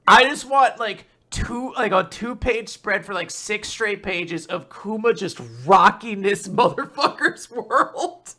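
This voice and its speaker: A podcast host casually recapping a manga chapter, animated and swearing freely. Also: mid-range voice, slow pace, few pauses.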